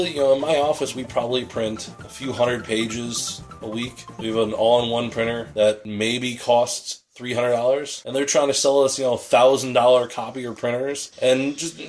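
A man's voice: medium pitch, normal speed, few pauses, faint music behind. A man co-hosting a comedy podcast, ranting in a casual, exasperated and profane way. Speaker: podcast co-host.

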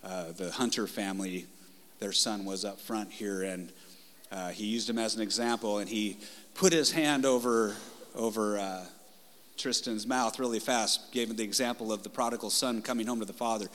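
A man's voice: fairly low pitch, fairly even intonation, normal speed, long reverb tail, a little hiss or hum. Passionate male pastor preaching. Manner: passionate, conversational, swings loud and soft. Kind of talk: sermon. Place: church sanctuary.

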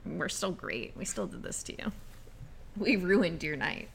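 Woman, low pitch, gravelly fry, relaxed casual podcast chat. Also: unhurried, slight background noise. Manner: relaxed, laughs often, recaps plot. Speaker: podcast co-host. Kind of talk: casual chat about comics.

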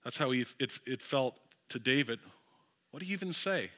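A man preaching a sermon as pastor in a church, telling a story with lively asides to the congregation. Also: mid-range voice, normal speed.

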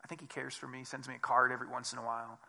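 A man preaching a conversational sermon as a pastor, acting out quoted voices with big jumps in loudness. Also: medium pitch, little pitch movement, very fast, creaky.

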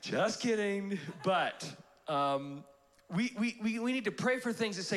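A young adult man preaching a live church sermon, animated and playful, acting out prayers in comic voices. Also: sits high, measured pace. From Canada. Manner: animated, acts out prayers in funny voices, laughs often. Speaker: pastor. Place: church auditorium.

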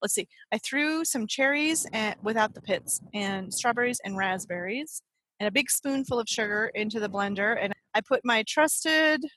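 A woman's voice: on the high side, expressive, moderate pace, bright, forceful tone, no room sound. A woman co-hosting a casual podcast chat, giggly and teasing. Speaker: podcast co-host.

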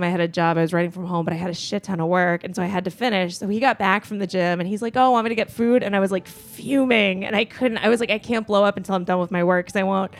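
A woman comedian chatting on a podcast, telling her story with animated bursts. She keeps it loose and conversational and acts out other people's lines as she goes. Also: mid-range voice. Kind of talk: casual storytelling chat.

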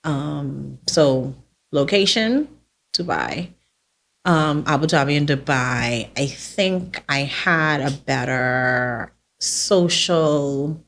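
Low-voiced woman, chatty. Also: animated, very slow, a bit bright. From The Bahamas. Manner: chatty storyteller, laughs often. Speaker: podcast guest, sports volunteer. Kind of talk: casual chat.

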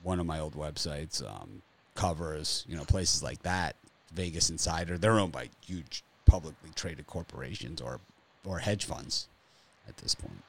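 A man's voice: rumbling low, animated, a little slow, creaky, a little hiss or hum. A man hosting a casual sports betting show over a video call, joking and rambling as he teases his co-hosts. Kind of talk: casual banter podcast.

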